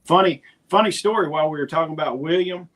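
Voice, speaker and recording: Fast and fairly high-pitched, this middle-aged podcast co-host chats casually. He tells stories and retells conversations with animation.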